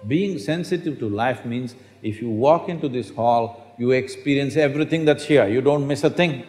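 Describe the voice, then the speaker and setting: Speaking to an audience in a hall, an older man gives a spiritual talk, telling stories and asking the audience questions. His medium-pitched voice is a little mellow and moves at normal speed.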